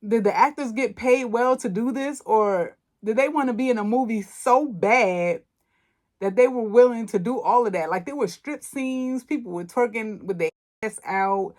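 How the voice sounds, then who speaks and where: A woman's voice: a little high, moderate pace. A woman hosting a podcast, recapping and roasting a movie in a blunt, casual way, full of slang and swearing. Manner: blunt, animated storytelling with slang and profanity. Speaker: podcast host. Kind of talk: casual movie review chat.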